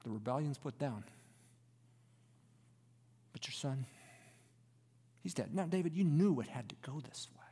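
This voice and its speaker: A man's voice: mid-range voice, measured pace, pauses often, breathy edge. Preaching man in a reverberant hall. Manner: expressive preaching, drops to a hushed near-whisper for emphasis. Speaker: pastor. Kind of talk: sermon.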